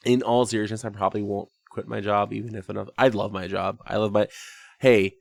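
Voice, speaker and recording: Low gravelly-voiced man hosting a talkback. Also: flat delivery, fairly quick, dry recording, studio quality. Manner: rambling and self-deprecating, laughs often. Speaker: podcast host and game master. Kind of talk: casual talkback chat.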